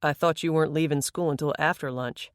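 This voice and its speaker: A narrator doing a booming fatherly man. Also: fairly even intonation, a little fast, no room sound, studio quality, natural voice. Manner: firm, fatherly. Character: middle-aged father, deep booming baritone.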